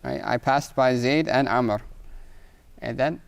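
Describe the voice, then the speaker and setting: A man's voice: medium pitch, takes it slowly, gravelly, clean tone. A man teaching an Arabic grammar lesson, explaining patiently and reading Arabic examples aloud, often checking in with "right?". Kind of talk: recorded online lesson.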